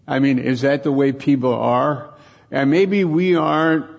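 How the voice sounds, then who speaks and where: A man giving an informal sermon on scripture, talking in a halting way that repeats and restarts words as he reflects. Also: mid-range voice, fairly even intonation, gravelly, dull audio.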